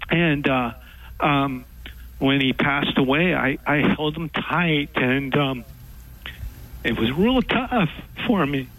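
A man calling in to a radio show, telling a story haltingly with many pauses and fillers. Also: on the high side, expressive, fairly bright tone, rough recording. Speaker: caller. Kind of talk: call-in radio talk.

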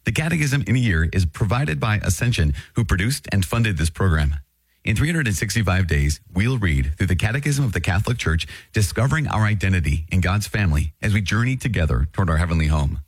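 A man's voice: low-pitched, animated, breathy edge, dry recording. A man who is a priest, hosting a catechism program in an eager, casual teaching style with many restarts and repetitions. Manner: enthusiastic, talks in quick restarts and repetitions. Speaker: priest and podcast host.

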